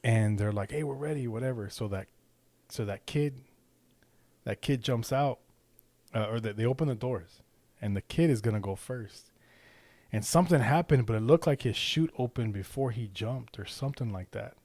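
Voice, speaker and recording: Casual swearing dad, dry close sound. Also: male voice, medium pitch, normal speed, darkish tone, no room sound. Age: young adult to middle-aged father. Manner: rambling, profane, keeps checking in with 'right?'. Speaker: podcast co-host. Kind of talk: casual storytelling.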